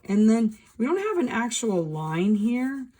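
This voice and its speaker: A woman's voice: on the high side, big pitch swings, a little slow, warm tone. A woman teaching a drawing lesson, talking through each step as she draws. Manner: talking while drawing, thinking aloud. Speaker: art teacher. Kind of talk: drawing demonstration.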